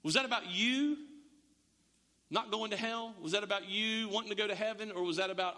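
A man's voice: sits high, fairly quick, in a large hall. A male pastor preaching a conversational sermon, acting out little dialogues and asking the congregation questions. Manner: animated, conversational, acts out dialogues.

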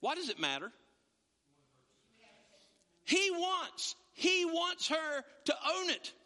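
A male pastor preaches in a lively, conversational sermon, often restarting his sentences. His voice sits high and very bright, with a wide, animated pitch range. The sound carries the long reverb of a large hall. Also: takes it slowly.

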